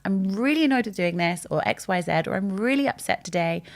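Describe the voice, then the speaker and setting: A woman's voice: mid-range voice, quick pace. A woman in her thirties talking candidly and openly in a casual chat, telling stories with animation. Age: 30s. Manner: open, candid and animated storytelling. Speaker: guest.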